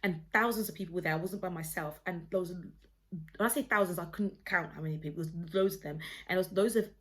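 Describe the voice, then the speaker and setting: A woman's voice: lowish voice, quick pace. A woman sits at home recording herself on a phone, telling a faith story straight to camera. She speaks earnestly and rambles, often stopping and restarting mid-sentence. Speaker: vlogger sharing a personal testimony.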